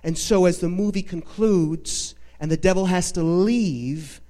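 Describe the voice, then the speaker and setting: A man preaching a sermon, dramatically retelling a film with emphatic pauses. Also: high voice, warm tone. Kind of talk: sermon storytelling.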